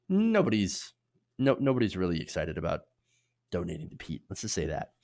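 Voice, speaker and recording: A man's voice: low-pitched, huge pitch swings, brisk, creaky, a little mellow. A man hosting opinionated political commentary, sarcastic, with loose delivery and frequent restarts. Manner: sarcastic, mocking put-on voices for quotes.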